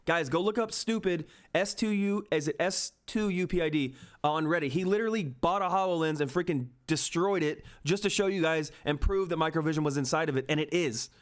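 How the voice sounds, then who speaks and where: A man hosting a live stock market stream, talking excitedly and emphatically to his chat from home, repeating himself for emphasis. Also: on the high side, fairly quick. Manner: hyped, repetitive, emphatic, swears mildly. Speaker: stock market livestream host.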